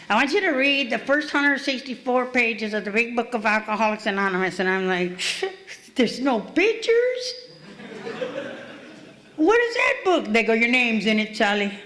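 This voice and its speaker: A woman's voice: mid-range voice, fairly bright tone. A middle-aged woman speaking at a recovery meeting, telling her story in a blunt, streetwise, profane way. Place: meeting hall.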